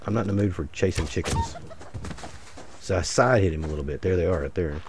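Deep-voiced man rambling over gameplay. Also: expressive, quick pace, noisy background. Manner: rambling, jokey, mutters asides to viewers. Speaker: gaming channel host. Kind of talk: casual solo gameplay commentary.

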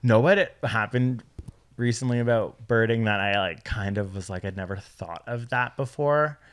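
This is a young man in casual podcast conversation, an animated storyteller. He throws himself into his anecdotes and keeps slipping into high, squeaky voices to act out what other people said. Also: normal speed, slight background noise. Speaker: podcast co-host. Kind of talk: casual chat.

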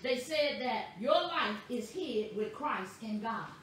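A woman pastor delivering a sermon, with slow, emphatic preaching that stresses words boldly. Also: fairly high pitch, lively intonation, slight background noise. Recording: echoey room, voice from a distance.

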